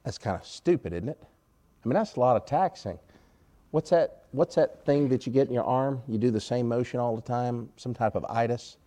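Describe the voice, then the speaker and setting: A man's voice: medium pitch, normal speed, mellow. Man preaching a conversational sermon. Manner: conversational, rhetorical questions, wry sarcasm, volume swings. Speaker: pastor.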